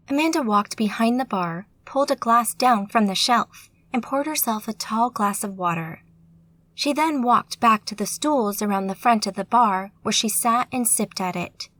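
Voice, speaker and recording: A woman narrating a fantasy audiobook in a steady, measured storytelling manner. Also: fairly high pitch, no room sound.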